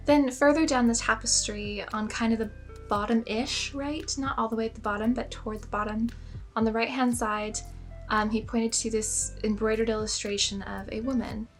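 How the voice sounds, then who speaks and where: A woman's voice: fairly high pitch, fairly even intonation, normal speed, soft background music. A young woman telling a personal story in a casual vlog, chatty and self-mocking, full of "like" fillers. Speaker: spiritual storyteller.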